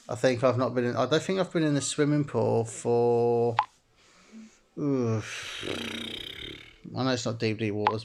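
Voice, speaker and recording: A man with a gravelly, creaky voice, talking through a chat story game as he plays. He reads the messages aloud and wanders off into loose asides, filling nearly every sentence with "sort of" and breaking into laughter often. His pitch sits in an ordinary middle range. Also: background noise. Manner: rambling, heavy use of "sort of", laughs often. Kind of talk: let's-play commentary, reading in-game messages aloud.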